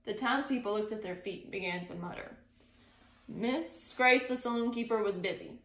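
A woman teacher reading a picture book aloud to her class, pausing to think out loud about what she imagines. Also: medium pitch. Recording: echoey room.

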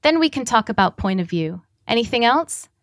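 A woman reading the lines of a frail elderly male writer, gentle and teasing. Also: fairly high pitch, very animated, a little fast, no room sound, studio quality. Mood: tender.

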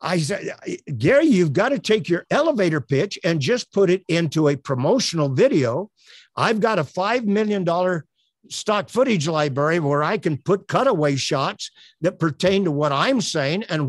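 An older man coaching on elevator pitches in an online presentation, earnest and promotional, with many uhs. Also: no room sound. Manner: filler-heavy, earnest, promotional. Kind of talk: webinar presentation. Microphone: webcam on a tripod.

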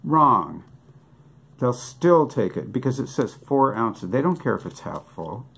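A man's voice: medium pitch, very animated, normal speed, a little mellow, breathy edge. An older man doing a joking comic monologue, asking rhetorical questions and answering them himself in a wry way. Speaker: comic songwriter.

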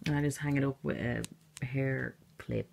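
Young woman, dark mellow voice, casual rambling vlog, sarcastic asides, bedroom, handheld camera. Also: a bass voice, fairly even intonation, normal speed, gravelly. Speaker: vlogger. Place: her bedroom, indoors.

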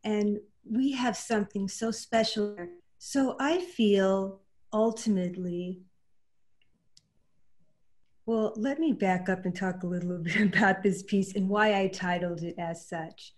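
A woman quilt artist talking in a panel discussion over a video call, earnest and halting, getting emotional as she speaks. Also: medium pitch.

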